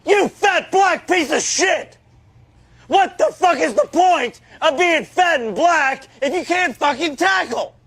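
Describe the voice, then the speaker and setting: A raging, gravelly football coach. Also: male voice, lively intonation, takes it slowly, exaggerated voice. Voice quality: gravelly, strained high shout. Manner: bellowing insults, profane rants. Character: foul-mouthed, raging male high school football coach. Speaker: football coach in a comedy sketch. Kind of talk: comedy sketch acting.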